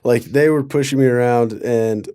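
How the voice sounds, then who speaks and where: A man's voice: mid-range voice, moderate pace, mellow, clean tone. A young man from Colorado casually telling a rambling story, full of fillers and sarcasm. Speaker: guest storyteller.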